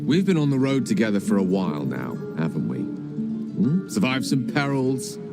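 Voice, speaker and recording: A man's voice: lowish voice, very animated, normal speed. A man voicing a charming, self-assured male wizard in a video game, speaking with a witty, theatrical manner. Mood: earnest. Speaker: game character. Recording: game audio with music underneath. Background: game music.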